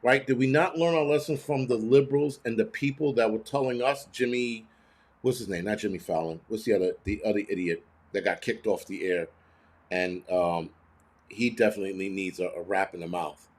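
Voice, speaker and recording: A man's voice: lowish voice, moderate pace. Blunt ranting man. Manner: heated, blunt and profane, with rhetorical questions. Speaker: host. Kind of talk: casual ranting commentary.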